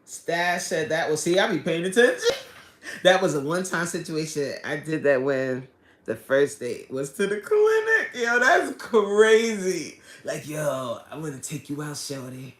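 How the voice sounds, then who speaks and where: A woman's voice: on the low side, animated, a little slow. A woman hosting a casual live stream, reading chat comments aloud and laughing often. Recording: echoey room.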